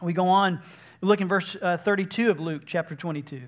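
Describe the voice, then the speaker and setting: High-voiced earnest male preacher. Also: fairly quick. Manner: earnest, emphatic, retells scripture in his own words. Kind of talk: sermon.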